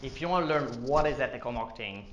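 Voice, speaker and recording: A man's voice: mid-range voice, animated, fast, a bit bright, lo-fi sound, a little hiss or hum. A man vlogging about marketing in a casual, joking explainer style with lots of fillers. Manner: joking asides, filler-heavy. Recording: echoey room.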